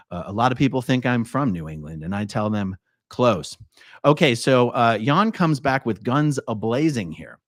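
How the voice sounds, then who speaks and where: A man hosts a casual live stream, talking straight to his viewers with easygoing asides as he works through a document. His pitch swings up and down freely. The sound is close and dry, with no room around it. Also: animated, moderate pace, no room sound. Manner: chatty, addresses viewers as guys and y'all, wry asides. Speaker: YouTube host. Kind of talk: casual live-stream commentary reading a transcript aloud. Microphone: own studio mic checked before streaming.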